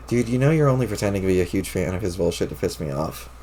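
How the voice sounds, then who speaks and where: A man voicing an aloof, sarcastic teenage boy with a flat, dry delivery, read aloud from a webcomic on stream. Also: sits low, moderate pace, a little hiss or hum, voice pushed down. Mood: deadpan.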